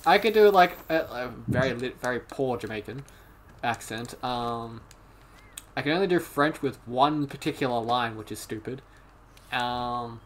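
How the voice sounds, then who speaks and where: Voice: mid-range voice, slight background noise. A gamer in a co-op let's play, chatting casually in a rambling, self-mocking way that trails off. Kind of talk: casual gaming chat.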